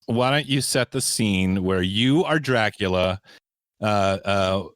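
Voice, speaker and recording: A man's voice: on the low side, slow pace, fairly bright tone, no room sound, clean studio sound. A man co-hosting a comedy podcast, speaking in a teasing and rambling way. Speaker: podcast co-host. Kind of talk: casual comedic chat.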